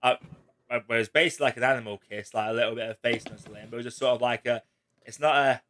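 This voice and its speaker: Guy hosting a movie chat, gets worked up recapping scenes, average pitch. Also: quick pace, slight background noise. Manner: emotional, animated retelling of scenes. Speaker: host. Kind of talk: casual spoiler chat.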